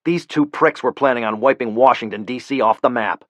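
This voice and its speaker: A man's voice: mid-range voice, brisk, fairly bright tone, no room sound, natural voice. A man voicing a blunt, furious male CIA operative who curses and speaks with cold anger. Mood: angry.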